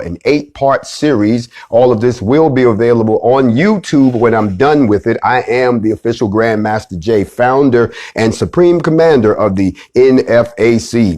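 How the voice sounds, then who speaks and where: A man teaching an online class in a fiery preaching style. He calls out to his listeners again and again, building up in loud, high bursts before dropping to a low hush. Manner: emphatic, repetitive, rallying the listeners with call-outs; sharp swings between loud high bursts and low hushed drops.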